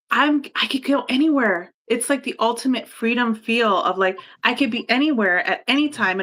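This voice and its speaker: Bright, animated woman telling a story. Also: on the high side. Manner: animated, swears freely, laughs often. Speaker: guest storyteller. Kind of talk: casual chat.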